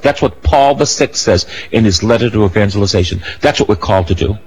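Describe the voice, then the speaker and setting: An older man preaching a sermon, emphatic and rising to loud peaks, with casual asides and self-corrections. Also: low-pitched, moderate pace, hardly any pauses, husky, low-quality recording.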